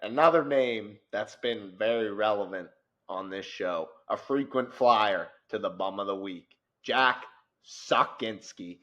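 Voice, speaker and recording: A man co-hosting a casual sports podcast, talking animatedly and growing loud and worked up as he rants. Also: medium pitch, a little slow. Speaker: podcast co-host.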